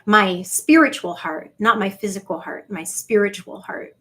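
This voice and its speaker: A woman, rambling on a livestream, swinging between gushing greetings to viewers and low confiding asides. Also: a little slow, sharp tone. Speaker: livestream vlogger.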